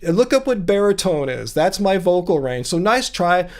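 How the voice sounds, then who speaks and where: Sing-song baritone man in his fifties. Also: big pitch swings, normal speed. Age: 50s. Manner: sing-song, jumps high to stress words. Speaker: livestream host. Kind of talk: casual livestream chat. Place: home music studio.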